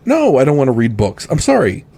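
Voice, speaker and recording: A man's voice: mid-range voice, brisk, vocal fry, breathy edge. A man co-hosting a podcast in casual chat, ranting freely and swearing often. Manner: animated, swears freely, exasperated rants. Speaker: podcast co-host.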